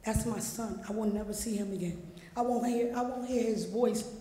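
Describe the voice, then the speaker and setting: A woman's voice: fairly high pitch, moderate pace, dark tone. Grieving mother pleading in an echoey chamber. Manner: pleading, repetitive questioning. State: grief-stricken. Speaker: grieving mother speaking at public comment. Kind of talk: public statement at a council meeting. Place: large council chamber. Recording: echoey chamber with long reverb, faint noise.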